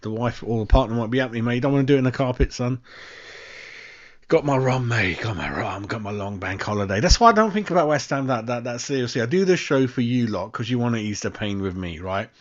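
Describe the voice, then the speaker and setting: London bloke ranting on a fan stream, swears a lot, says mate every line, kinda muffled lo-fi sound. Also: male voice, medium pitch, quick pace. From West London. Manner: sweary, exasperated, keeps saying "mate". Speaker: fan channel host. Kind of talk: casual live-stream rant.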